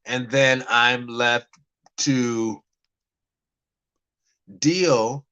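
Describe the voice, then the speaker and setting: A man's voice: mid-range voice, fairly even intonation, extremely slow, pushed and bright, clean tone, muffled recording. Rambling man telling a dating story. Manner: rambling, stammering storyteller with many restarts. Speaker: vlogger. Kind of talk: casual talk to camera.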